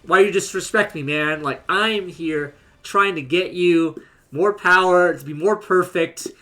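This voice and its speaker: A man's voice: high-pitched, a little slow, sharp tone. A man casually voicing an arrogant, pompous male demigod who sounds haughty and needy. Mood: indignant.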